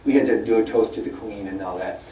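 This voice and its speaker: A man's voice: on the low side, fast, mellow, a little hiss or hum. An older man giving a conversational public lecture, telling stories with lots of fillers and mimicking opponents in a mocking voice. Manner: conversational storytelling, with many fillers. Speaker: guest speaker. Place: lecture room at a university event. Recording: roomy hall, mic at a distance.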